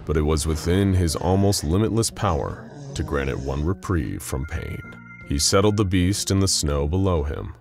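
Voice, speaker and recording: A man narrating a dark story in a measured, dramatic storytelling voice. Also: very deep voice, lively intonation, creaky, music in the background.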